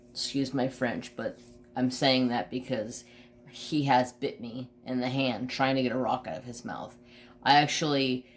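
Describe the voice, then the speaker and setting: A man's voice: mid-range voice, a bit bright. A man hosting a crafting channel, telling a long personal story in casual chat, swearing freely and restarting his sentences.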